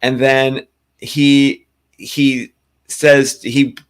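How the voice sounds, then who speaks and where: A man co-hosting a spiritual talk show, telling a long personal story in a casual, animated way, with frequent restarts. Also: medium pitch, very slow, clean tone. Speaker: podcast co-host.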